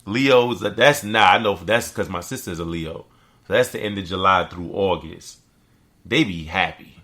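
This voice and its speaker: A man co-hosting a casual podcast chat, animated, acting out quotes in a high voice. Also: normal speed. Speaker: podcast co-host.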